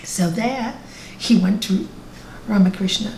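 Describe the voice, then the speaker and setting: Slow, emphatic woman spiritual teacher. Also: medium pitch, expressive, a little mellow, reverberant, a little hiss or hum, rough recording. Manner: slow, emphatic, questions the listener. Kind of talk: spiritual talk with storytelling. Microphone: video call.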